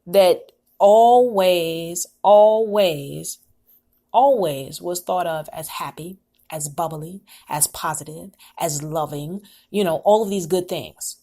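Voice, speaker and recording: Woman host, lower register, motivational talk, repeats her points like a sermon. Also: slow pace, mellow. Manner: encouraging, repetitive, preachy. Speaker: podcast host.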